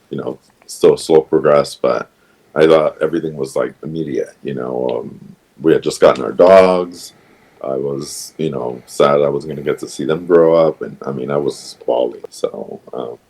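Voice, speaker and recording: A man on a podcast telling a personal story in a hesitant, halting way, full of pauses and restarts. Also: very deep voice, darkish tone, husky, poor audio. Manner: hesitant, many ums and restarts, emotional retelling. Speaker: podcast guest.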